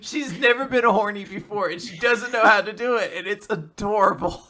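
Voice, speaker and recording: Gushing co-host with a bright voice. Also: mid-range voice, normal speed. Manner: enthusiastic, swears freely, gushes over cute moments. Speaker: podcast co-host. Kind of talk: casual chat recapping manga.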